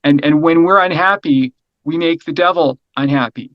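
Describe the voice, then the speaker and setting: A middle-aged man talking as an interview guest in a casual, energetic way, rambling, restarting and asking "right?" often. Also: fairly high pitch, moderate pace, no echo, highs cut off. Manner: energetic, rambling, repeats words, frequent "right?".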